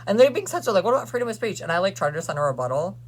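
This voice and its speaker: A man's voice: sits high, very animated, very fast, noisy background. A young man venting to camera in a sassy, profane, ranting way, as a vlogger. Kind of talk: casual rant to camera.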